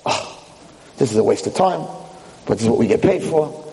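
A man's voice: a little high, lively intonation, normal speed, creaky, mellow, in a large hall, low-quality recording. A man doing a bored, weary paramedic.

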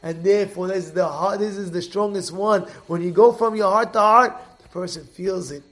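A man teaching a Torah class as an animated storyteller who repeats and restarts his phrases. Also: sits high, normal speed.

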